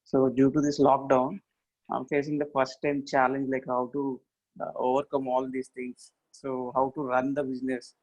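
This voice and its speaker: A man's voice: mid-range voice, monotone, moderate pace, a little mellow, muffled recording. A man joining a webinar on a video call, talking hesitantly with many fillers. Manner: hesitant, with fillers and short agreements. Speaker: webinar participant. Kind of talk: casual chat.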